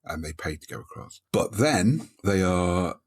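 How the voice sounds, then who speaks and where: A man co-hosting a casual book discussion podcast, retelling a story's plot in a measured, step-by-step way. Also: low voice, expressive. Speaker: podcast co-host.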